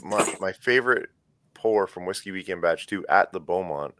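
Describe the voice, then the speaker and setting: A man's voice: sits low, animated, moderate pace, noisy background. A man hosting a casual podcast, leading with questions in an easygoing way. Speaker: podcast host. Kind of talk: casual bourbon chat.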